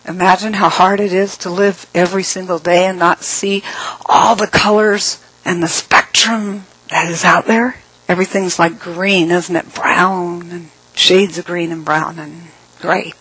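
A middle-aged woman tells stories in an inspirational talk, her voice sitting a little low. She stretches key phrases slowly and earnestly, then slips into playful, laughing asides. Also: a bit bright, slightly rough, poor audio. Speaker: speaker.

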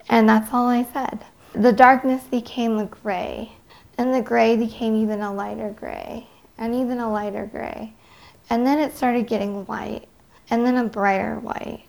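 A woman giving an earnest, halting personal testimony, reflecting slowly as she recalls what happened to her. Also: on the high side, steady tone, gravelly, darkish tone. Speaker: near-death experience witness.

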